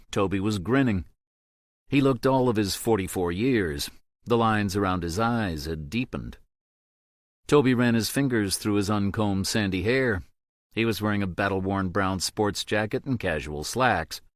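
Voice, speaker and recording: A man narrating an audiobook in a steady, measured way. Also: lowish voice, dry recording, studio quality.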